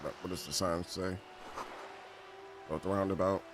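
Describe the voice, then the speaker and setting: A man's voice: sits low, fairly even intonation, moderate pace, background noise. A man casually commenting on a game, reading its text aloud with joking asides. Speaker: game streamer.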